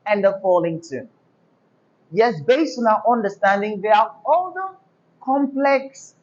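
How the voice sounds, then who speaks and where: A woman's voice: on the high side, muffled recording. A woman teaching a diction class, asking questions and having pupils repeat after her. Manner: call-and-response prompting, deliberate.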